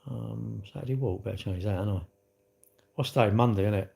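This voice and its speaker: A man's voice: medium pitch, fast talker, creaky, darkish tone. A man doing a chatty live-stream host, rambling from one thought to the next in a blunt, offhand way. He laughs easily and talks to his viewers as if they were in the room. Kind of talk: casual live-stream chat, reading viewer comments.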